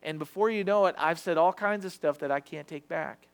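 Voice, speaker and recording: A man's voice: on the high side, fairly quick, smooth. A man preaching a sermon in a conversational, confessional way, acting out quoted voices. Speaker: pastor.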